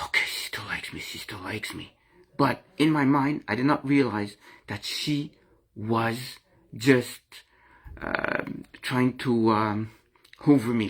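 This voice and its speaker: In a medium-pitched, slightly rough voice, a middle-aged man addresses the camera with a heartfelt, rambling personal confession. Earnest and emotional, he repeats himself and restarts his phrases again and again while describing what he went through.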